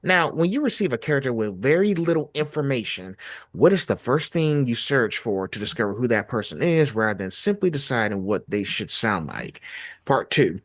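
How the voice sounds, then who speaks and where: A man hosting a casual interview, asking long two-part questions in a lively way. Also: medium pitch, moderate pace, no echo. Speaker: podcast host.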